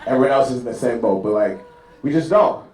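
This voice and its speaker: Performing stand-up for an audience at a live club, a man with a mid-range voice speaks at a quick pace, picked up by a distant mic in roomy venue acoustics. He tells animated stories and slips into characters' voices along the way.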